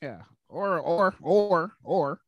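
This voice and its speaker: A man's voice: a little high, animated, drawn-out words, dry recording, lo-fi sound. A man talking on a podcast, speaking bluntly with plenty of profanity in a laid-back way. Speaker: podcast guest. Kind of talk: casual podcast banter.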